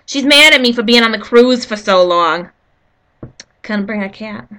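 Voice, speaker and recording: A woman's voice: fairly high pitch, lively intonation, normal speed, a bit bright. A woman giving a casual, rambling history lesson, full of jokey asides to her viewers. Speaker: history video host.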